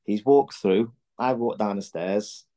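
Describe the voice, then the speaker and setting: A man's voice: fairly low pitch, a little slow, mellow. Blunt, sweary man telling stories. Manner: candid, blunt, sweary storytelling with many restarts. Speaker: podcast guest, former footballer. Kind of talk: casual chat.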